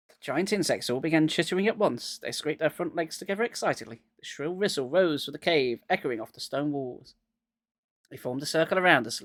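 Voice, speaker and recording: A man's voice: fairly high pitch, a bit bright, no room sound, studio quality. A man getting over a cold, reading a children's horror book aloud live and dropping wry jokes between passages.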